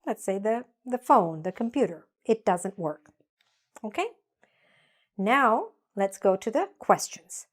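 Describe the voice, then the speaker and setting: Slow, patient woman teaching grammar. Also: mid-range voice, very animated. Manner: slow, deliberate, drills with repetition. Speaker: English teacher. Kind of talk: grammar lesson.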